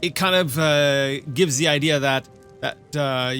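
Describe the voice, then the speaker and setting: A man's voice: medium pitch, measured pace, a bit bright, faint music behind. A man hosting a let's play, chatting casually and playfully as he reads in-game texts aloud. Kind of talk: casual gameplay commentary.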